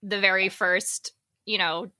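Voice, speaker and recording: Bright-voiced woman podcast co-host. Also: mid-range voice, fairly even intonation, a little slow, no echo, studio quality. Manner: rambling, filler-heavy, joking. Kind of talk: casual chat.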